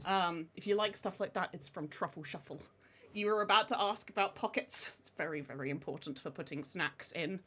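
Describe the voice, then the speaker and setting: A woman's voice: fairly low pitch, a little fast, a bit bright. A woman, chatting casually on a live stream and greeting viewers one by one by name.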